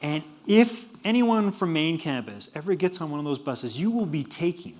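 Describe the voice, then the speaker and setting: A middle-aged man giving a humorous university lecture, animated and laughing at his own jokes. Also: on the high side, moderate pace, a little hiss or hum. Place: lecture hall.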